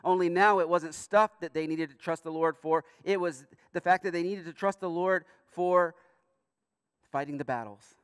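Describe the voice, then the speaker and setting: A man preaching a sermon as pastor in a church, earnest, with emphatic rising bursts and quiet asides. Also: high-pitched, moderate pace, smooth, no echo, clean studio sound, long reverb tail. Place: church sanctuary.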